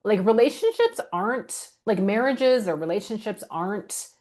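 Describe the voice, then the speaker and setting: A woman's voice: mid-range voice, expressive, moderate pace, darkish tone. Earnest woman in casual talk. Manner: earnest, agreeable, many "like" fillers. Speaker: podcast guest. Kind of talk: casual conversation.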